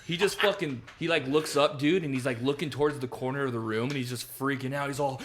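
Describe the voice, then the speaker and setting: A man's voice: mid-range voice, fast talker. A young man co-hosting a casual podcast chat, retelling a scene with lots of swearing and acted-out voices. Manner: animated storyteller acting out scenes with heavy swearing. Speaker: podcast co-host.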